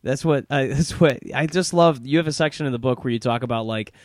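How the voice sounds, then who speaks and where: A man hosting a podcast in casual, animated chat, laughing often and talking in quick bursts. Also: mid-range voice, crowd noise. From Detroit area. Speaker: podcast host.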